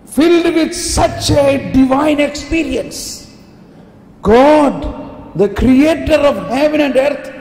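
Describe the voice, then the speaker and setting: A man preaching at a retreat, slow and emphatic, often asking his listeners yes or no. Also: extremely high pitch, vocal fry, darkish tone. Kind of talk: sermon. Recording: echoey hall, faint background noise.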